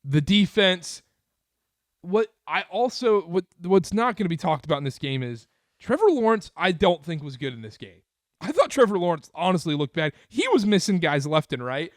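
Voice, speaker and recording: A man's voice: high-pitched, big pitch swings, moderate pace, no echo, clean studio sound. A man hosting a casual sports podcast, talking emphatically and repeating his points. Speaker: podcast host.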